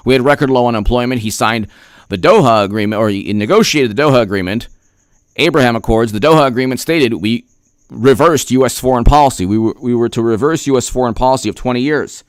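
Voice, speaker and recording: A man rants through sarcastic political commentary in a heated, repetitive way, clearing his throat now and then. His voice is smooth and resonant at a middle pitch, recorded close and dry. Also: fast, no echo. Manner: sarcastic, heated, repeats himself. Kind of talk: opinion rant vlog.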